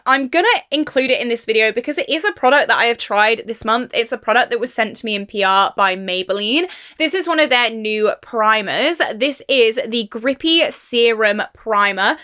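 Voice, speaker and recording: A woman's voice: on the high side, bright, forceful tone. A young woman chatting through a makeup review vlog, emphatic and exasperated about a product. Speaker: beauty YouTuber.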